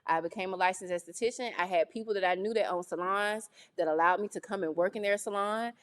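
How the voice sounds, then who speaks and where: A woman from North Carolina, a guest in a casual interview, telling her story with lively, acted-out quotes. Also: medium pitch, fast. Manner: animated, acts out quoted voices. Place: studio on location.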